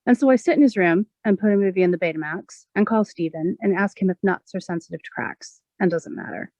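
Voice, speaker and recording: Gravelly woman reading poetry. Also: on the low side, no room sound, lo-fi sound. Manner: measured, expressive reading. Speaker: poet reading her own work.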